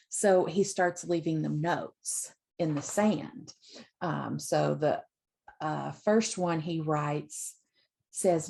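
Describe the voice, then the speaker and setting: A woman who teaches literacy, retelling picture books for teachers in a slow, relaxed way with many ums. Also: deep voice, vocal fry, husky. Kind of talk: informal book talk to teachers.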